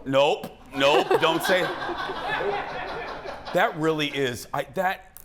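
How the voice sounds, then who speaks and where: A man's voice: on the high side, slow pace. A man hosting a live talk show, bantering playfully and laughing often.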